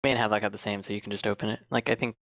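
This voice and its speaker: A man's voice: fairly low pitch, little pitch movement, very fast, a bit bright, no room sound, dull audio. A man playing a tabletop game, talking rules in casual chat and stammering on restarts. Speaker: player.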